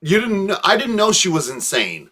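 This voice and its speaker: A man reacting along in a loud, drawling, emphatic way. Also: sits high, huge pitch swings, normal speed. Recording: music playing behind.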